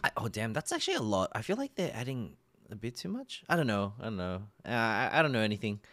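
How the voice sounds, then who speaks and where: An Australian man hosting a live reaction stream, chatting excitedly with chat and lots of fillers. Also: lowish voice, fast, slight background noise.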